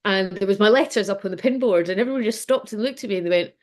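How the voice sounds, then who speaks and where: A middle-aged Scottish woman chats as a podcast guest. She tells stories in a quick, self-mocking way and laughs easily at her own past. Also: medium pitch. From Scotland. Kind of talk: casual podcast interview.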